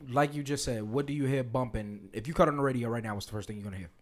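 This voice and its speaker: A man co-hosting a relaxed podcast, speaking bluntly and with emphasis. He often talks over the others to get his point across. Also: medium pitch, rapid-fire, a loud crowd. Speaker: podcast co-host. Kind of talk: casual debate chat.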